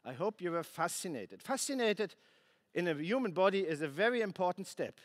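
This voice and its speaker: A man heading a space agency gives a conference keynote, halting and restarting often, with dry asides. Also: high-pitched, animated. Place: conference plenary hall.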